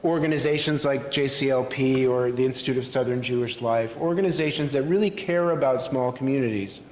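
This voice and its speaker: A male rabbi speaking to a congregation in a synagogue sanctuary. He tells stories thoughtfully, with frequent pauses. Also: medium pitch, darkish tone. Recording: echoey hall with faint room noise.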